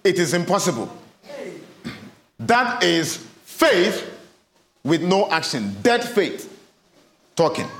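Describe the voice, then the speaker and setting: A man preaching a sermon as pastor, emphatic and repeating his questions in a lively cadence, recorded in a church hall. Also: a little high. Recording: roomy hall echo.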